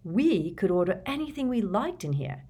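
A woman's voice: mid-range voice, sing-song, moderate pace, dark tone, slightly rough, voice pushed up. A woman voicing an eager teenage boy in a storybook reading, keen and conspiratorial.

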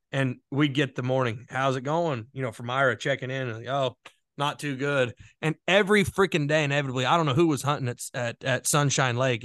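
A man co-hosting a hunting podcast, telling stories in a casual, animated way and laughing as he goes. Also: mid-range voice, dry recording, studio quality. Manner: laughs through his stories, quick and animated. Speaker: podcast co-host. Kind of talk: casual storytelling chat.

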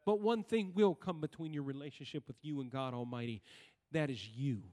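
In a church sanctuary with long hall reverb, a male pastor preaches a sermon, often posing questions to the congregation and waiting for their answers. His voice is mellow and medium-pitched, at a normal speed.

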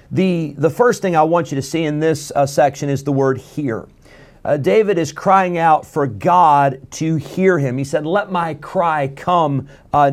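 A man's voice: on the high side, darkish tone. Chatty man teaching a Bible lesson. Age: adult. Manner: folksy, chatty, many uh fillers.

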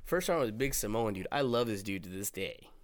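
A young man hosting a casual chat, telling a profane, animated story and acting out the quotes. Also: on the low side, fast, slight background noise. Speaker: podcast host.

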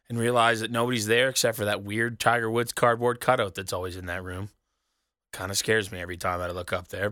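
Guy doing a wrestling recap alone, snarky and rambly, kinda bright tense voice, super dry close sound. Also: on the low side, no room sound. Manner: sarcastic, rambling, swears casually. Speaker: wrestling podcast host. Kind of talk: solo recap chat. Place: small studio booth alone.

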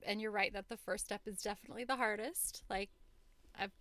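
A woman's voice: medium pitch, steady tone, a little fast, dry recording. A young woman co-hosting a casual podcast chat, affirming her co-host and speaking with enthusiasm. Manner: warm, affirming listener, enthusiastic.

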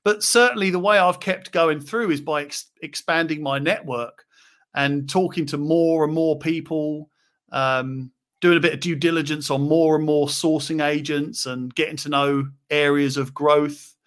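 A chatty man with a slightly higher voice than most. He talks loosely and casually, full of ums and restarts, as he hosts a live chat. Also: measured pace. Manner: chatty, relaxed, many fillers. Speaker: property investor and host.

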